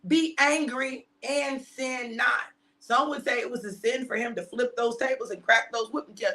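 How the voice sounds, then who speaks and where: A middle-aged woman preaching an energetic sermon, animated and repetitive, laughing and shouting for emphasis. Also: fairly high pitch, normal speed. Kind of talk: energetic sermon on a live stream.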